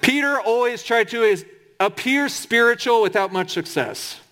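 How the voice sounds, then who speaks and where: A man's voice: extremely high pitch, expressive, normal speed, a bit bright. A man preaching a sermon in a conversational, humorous way, with emphatic asides.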